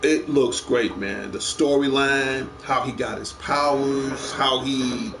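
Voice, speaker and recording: A man's voice: mid-range voice, fairly even intonation, takes it slowly, creaky, a bit bright, slight background noise. A man hosting a casual show, chatting eagerly about movies and rambling with lots of repeated words. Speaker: show host. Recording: echoey room.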